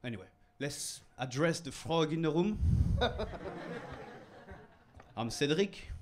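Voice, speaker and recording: Deadpan French comedian at a mic. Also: male voice, a little high, slight background noise. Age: middle-aged. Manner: deadpan, halting delivery with non-native phrasing. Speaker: stand-up comedian. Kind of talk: stand-up comedy set. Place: comedy club stage.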